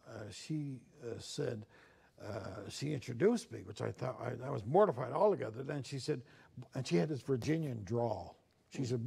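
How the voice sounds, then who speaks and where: A man's voice: medium pitch, creaky, dark tone, husky. An older man from Newfoundland, a newspaper columnist, telling stories of his childhood in a sit-down interview, and acting out the voices he quotes. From Newfoundland, Canada. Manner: reflective storyteller, acts out quoted voices.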